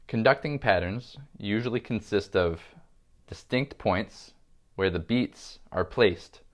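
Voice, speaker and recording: A man teaching a music lesson, calmly explaining and counting beats aloud. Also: lowish voice, slow. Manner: calm, steady instruction, counting beats aloud.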